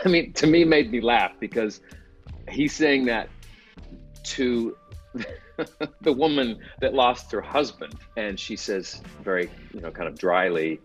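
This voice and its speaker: Laughing, self-deprecating actor. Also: male voice, mid-range voice, lively intonation, dull audio, soft background music. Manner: self-deprecating, laughs often, halting restarts. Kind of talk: casual interview commentary.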